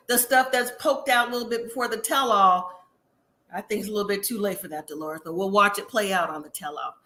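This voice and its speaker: A woman hosting a casual live-stream recap of a reality show, chatty and sassy, acting out what people said in quick asides. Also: fairly high pitch, bright, forceful tone.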